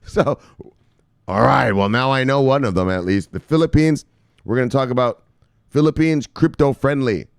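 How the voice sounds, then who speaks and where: A man's voice: mid-range voice, moderate pace, gravelly, clean tone, dry recording, studio quality. A man hosting crypto news, ranting with casual profanity and lots of fillers. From United States.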